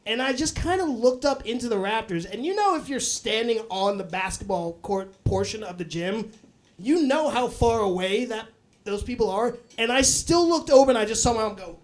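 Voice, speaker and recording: A man's voice: sits high, animated, normal speed. A young adult man performing a live stand-up set, telling loose, profane stories broken up by acted voices. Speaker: stand-up comedian.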